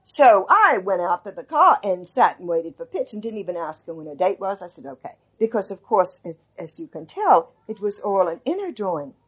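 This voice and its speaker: A woman's voice: medium pitch, moderate pace, hardly any pauses, breathy edge, lo-fi sound. An older woman animatedly recalling a story in an interview, acting out what people said. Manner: animated, quotes people, restarts often. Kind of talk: storytelling reminiscence.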